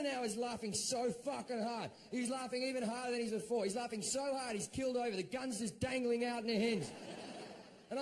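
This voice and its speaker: Profane Australian stand-up comedian, high voice. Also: male voice, a little fast. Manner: profane, animated, acts out shouted quotes. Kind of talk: stand-up storytelling.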